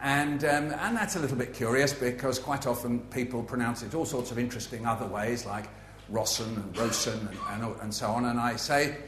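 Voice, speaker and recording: A man speaking as an author at a festival, telling anecdotes with a playful, facetious manner and frequent asides. His voice sits in a middle pitch range and carries through a roomy hall. A faint ambient hum hangs under the talk. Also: normal speed, a bit bright. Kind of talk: humorous festival talk to a live audience. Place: festival venue with an audience.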